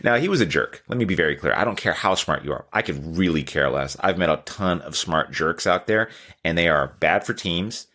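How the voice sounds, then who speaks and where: A man's voice: low-pitched, lively intonation, fairly quick, pushed and bright. A man, telling a candid, self-deprecating story in a casual podcast chat. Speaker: podcast host.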